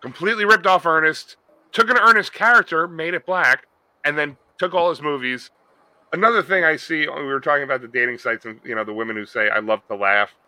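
A man's voice: a little high, bright, forceful tone, no echo, poor audio. A man co-hosting a podcast, riffing jokily in casual banter. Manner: quick, jokey riffing. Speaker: podcast co-host.

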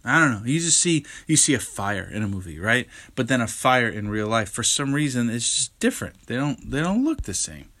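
On his own podcast, this young man talks candidly about his week in a medium-pitched, sing-song voice that's a little fast and sharp, with few pauses. Tired and yawning, he rambles casually, full of fillers and restarts.

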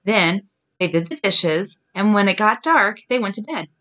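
Podcast host mom in her thirties, reads spooky tales aloud, giggly, drawn-out groans, very animated pitch. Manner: lively, giggly, groans the ghost's lines slowly. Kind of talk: reading scary stories aloud to her daughter.

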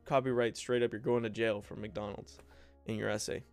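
Gravelly young man rambling on a podcast. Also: lowish voice, level tone, moderate pace, soft background music. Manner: rambling, joking, says bro, mimics people in his stories. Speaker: podcast host and content creator. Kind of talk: casual solo podcast storytelling.

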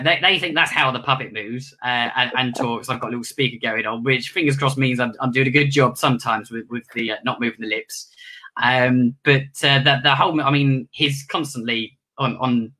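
A man's voice: medium pitch, fairly even intonation, fairly quick, pushed and bright. A man, a ventriloquist and magician, answering interview questions in a rambling, casual way with many restarts.

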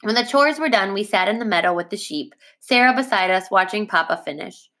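A woman teacher reading a chapter book aloud to her class, in a steady, plain way that stops to correct its own slips. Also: mid-range voice, fairly quick.

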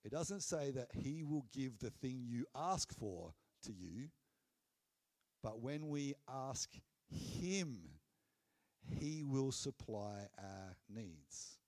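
A man preaching a sermon in an earnest, conversational way, dropping low and soft on key phrases. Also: lively intonation, slow.

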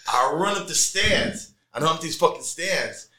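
A middle-aged man on a casual podcast, telling his fight stories with animated energy and plenty of swearing. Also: on the high side, moderate pace, a crowd in the background. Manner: animated storyteller, heavy swearing.

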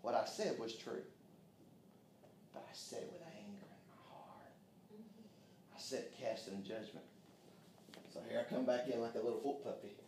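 A man's voice: mid-range voice, moderate pace, pauses often, a little mellow, a little hiss or hum. A man preaching a sermon in a folksy, fervent way, with frequent amens. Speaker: pastor. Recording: roomy echo, distant from mic.

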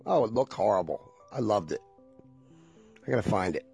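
A man's voice: lowish voice, expressive, moderate pace, gravelly, darkish tone, soft background music. A man in his forties chatting casually to viewers, rambling and nostalgic and swearing freely.

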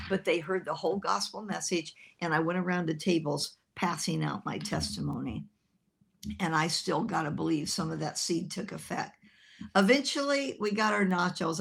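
A woman minister telling an animated personal story in a sermon, laughing as she talks. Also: deep voice, gravelly, breathy edge.

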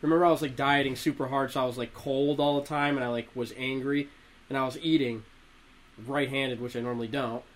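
A young man telling profane stories to friends in casual chat, animated and laughing between lines. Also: mid-range voice, brisk, rough recording. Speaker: storyteller among friends.

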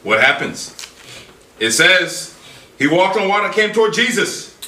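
A man preaching a sermon in an animated way, acting out scripture in dramatic voices. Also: sits high, measured pace. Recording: echoey room from far off with faint ambience.

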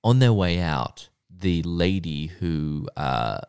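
A man with a very low voice recaps a TV episode for his podcast co-hosts. He tells it as an animated, sweary story. The recording is dry and close, with no room sound. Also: takes it slowly, gravelly, smooth, no room sound. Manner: animated storyteller who acts out the characters' lines with swearing. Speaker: podcast co-host. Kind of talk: casual chat, recapping a TV episode.

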